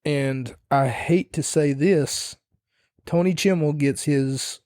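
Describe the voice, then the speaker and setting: A young man talks through a wrestling-style review in a loose, rambling way, opinionated and quick to swear. His voice sits a little high for a man yet sounds soft and mellow, recorded dry and close with no room around it. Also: no room sound. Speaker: podcast host. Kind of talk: casual wrestling review monologue.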